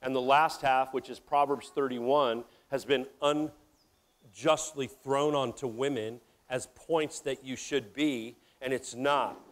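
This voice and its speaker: A middle-aged man preaching a sermon, animated and joking, talking straight to his congregation. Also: medium pitch, slow pace. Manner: animated, jokey, addresses audience directly. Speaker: pastor.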